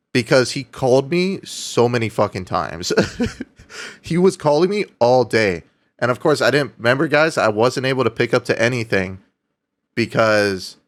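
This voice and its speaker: A young man talks casually on a live stream, his voice sitting at an ordinary middle pitch. He swears freely, laughs often, and thanks his viewers as he reads out their donations.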